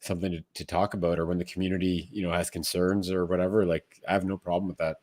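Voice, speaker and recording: A man's voice: low voice, flat delivery, fast, a little mellow, no room sound. A man acting as hype man on a livestream, upbeat and chatty. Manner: upbeat, laughs easily. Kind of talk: casual livestream chat.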